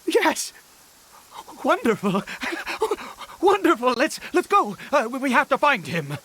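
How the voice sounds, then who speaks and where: A man's voice: sits high, sing-song, measured pace, fairly bright tone, slight background noise, heavily acted. An actor voicing a frantic, protective man searching for his missing son, with agitated, stammering outbursts, as game voice acting. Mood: overjoyed.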